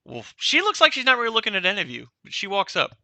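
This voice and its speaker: Give me a casual, rambling male game master with a bright voice and a dry mic. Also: high-pitched, wildly swooping pitch, fast, creaky, no room sound. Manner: casual, rambling, laughs while narrating. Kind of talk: narrating a tabletop game.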